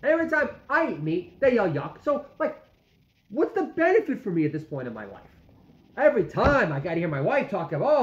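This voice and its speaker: With huge pitch swings and a fairly quick pace, a high-voiced vlogger dad in his forties rambles through a comic, self-deprecating rant about his food, full of fillers. The sound is dull and lo-fi, from an echoey room.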